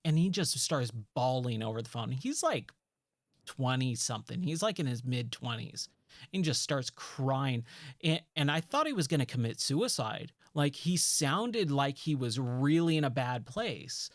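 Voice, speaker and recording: A man's voice: medium pitch, unhurried, dry recording. Rambling man telling a story, dry sound. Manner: rambling, relaxed, lots of "like" and "you know". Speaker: gaming streamer. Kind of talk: casual storytelling while playing.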